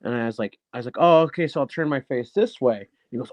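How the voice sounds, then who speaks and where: A wrestler guesting on an interview show talks quickly in a mid-range voice, with no room sound behind him. His storytelling is casual and animated, peppered with swearing and acted-out dialogue.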